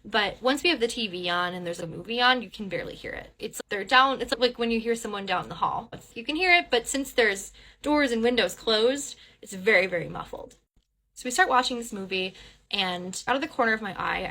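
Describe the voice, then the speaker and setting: A woman casually telling a first-person ghost story, rambling with restarts and fillers and acting out quoted dialogue, swearing at the scary parts. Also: medium pitch. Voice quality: animated retelling with quoted dialogue. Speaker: guest storyteller.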